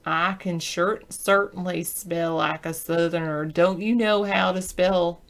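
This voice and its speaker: A woman's voice: on the low side, fairly even intonation, measured pace, vocal fry, a bit bright. A woman from the Southern United States chatting casually on a video call, telling rambling stories and spelling words out letter by letter. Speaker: video chat participant. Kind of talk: casual chat.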